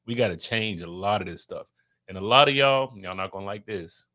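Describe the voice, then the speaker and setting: An adult man with kids co-hosts a casual podcast in a fairly low, brisk, pushed and bright voice. He talks loosely and profanely, preaching straight at his viewers.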